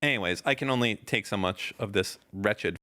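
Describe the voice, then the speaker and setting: A man's voice: on the low side, normal speed, pushed and bright. A man hosting a casual podcast chat, blunt and sarcastic in his remarks. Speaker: podcast host.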